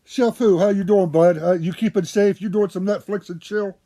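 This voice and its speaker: A man's voice: high-pitched, fairly even intonation, normal speed, dark tone. A man from Ohio hosting his live stream and joking and teasing his guests in casual chat. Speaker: streamer, truck driver.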